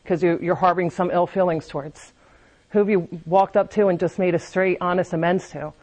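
A woman's voice: on the low side, steady tone, fairly quick, a little mellow. A woman speaking candidly at a recovery meeting, giving a confessional personal testimony and often restarting her sentences.

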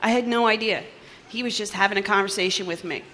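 A woman from New Jersey giving personal testimony at a recovery meeting, animated and acting out the voices in her story. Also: mid-range voice, quick pace. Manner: animated storytelling, acts out dialogue, laughs often.

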